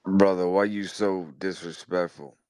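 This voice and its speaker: A man from Detroit calling in to a talk show, speaking in a mumbling, halting way. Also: low-pitched, steady tone, darkish tone, clean tone, dry recording. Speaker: caller.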